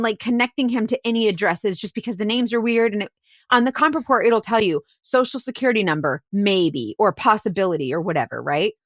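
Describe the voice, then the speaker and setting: Chatty woman investigator with a lively voice. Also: fairly high pitch, no room sound, studio quality. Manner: chatty, fillers like "like" and "right?". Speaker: podcast host and private investigator. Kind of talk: casual storytelling chat.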